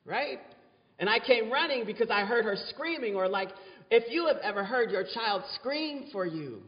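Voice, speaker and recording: A man's voice: high voice, animated, a little slow. A man preaching a sermon as a pastor, dramatic and repeating words for effect. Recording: dull sound with long hall reverb.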